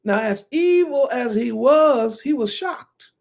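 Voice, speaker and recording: Slow gravelly preacher on sabbath, emphatic, loud then hushed. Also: mid-range voice, lively intonation. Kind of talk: Sabbath sermon.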